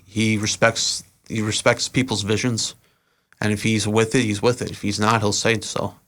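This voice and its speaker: A young adult man speaks in a slightly low voice, chatting casually as a guest on a podcast. He tells long stories at an easy pace, full of "uh"s and small restarts, loose and unhurried. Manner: relaxed, rambling, many "uh" fillers. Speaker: podcast guest, event organizer and rapper. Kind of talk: casual interview storytelling.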